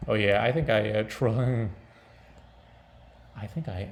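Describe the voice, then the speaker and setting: A man's voice: lowish voice, fairly even intonation, slow pace, creaky, long pauses. A man talking off the cuff in a casual vlog, rambling, breaking off mid-thought and laughing often.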